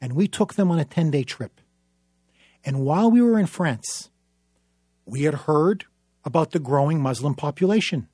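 A man's voice: a little high, expressive, normal speed, long pauses, slightly rough, dry recording, studio quality. A man, a newspaper columnist, telling a story in an impassioned public speech, emphatic and dramatic. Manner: emphatic, dramatic, building to forceful peaks.

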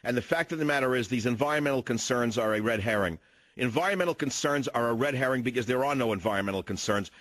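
A man's voice: mid-range voice, quick pace, fairly bright tone, no room sound. An older man hosting a talk radio show, telling indignant stories in a ranting, opinionated monologue into a studio mic.

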